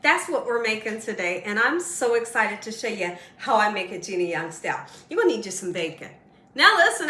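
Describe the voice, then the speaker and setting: A woman hosting a casual cooking demonstration in her home kitchen, chatty and excitable. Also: a little high, roomy sound. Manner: chatty and excitable, laughs while telling stories. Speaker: cooking channel host.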